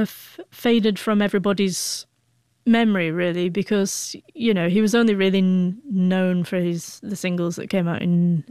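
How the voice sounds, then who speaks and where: A woman's voice: medium pitch, a little mellow, clear, resonant tone, no echo, clean studio sound. A woman in her forties with a stutter, telling an emotional personal story as an interview guest, with frequent sound blocks and restarts. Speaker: guest, author.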